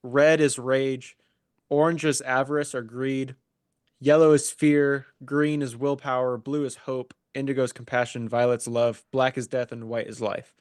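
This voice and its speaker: A man's voice: mid-range voice, flat delivery, normal speed, dry recording, studio quality. A man from the US Midwest co-hosting a podcast in casual chat, hesitant and leaning on filler words. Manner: hesitant, heavy use of "like". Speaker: podcast co-host.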